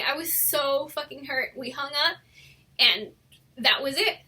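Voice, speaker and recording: Bright, high-voiced young woman vlogger. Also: measured pace. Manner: animated, swearing, lots of "like". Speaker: storytime vlogger. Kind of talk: casual storytime.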